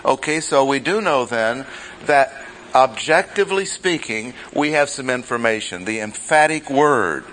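A man teaching a Bible study class, speaking deliberately and repeating key phrases for emphasis. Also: mid-range voice, pushed and bright, slight background noise, poor audio.

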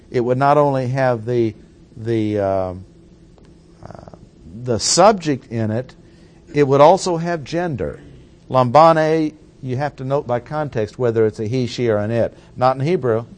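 A male preacher giving a teaching sermon at an unhurried, measured pace. His voice sits at an ordinary middle pitch. He explains points carefully and poses rhetorical questions to his listeners. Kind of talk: sermon teaching on Bible language.

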